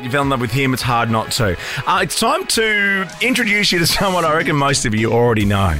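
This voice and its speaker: A man's voice: mid-range voice, sing-song, a little fast, bright, forceful tone. A man hosting a podcast, introducing his guest in a chatty, jokey, upbeat way. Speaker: podcast host. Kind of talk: scripted show introduction. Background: music bed.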